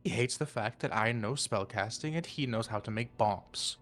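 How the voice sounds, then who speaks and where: A man's voice: on the low side, normal speed, fairly bright tone. A man playing his character in a tabletop game, talking in a flustered, rambling way with many fillers. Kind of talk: in-character tabletop role-play.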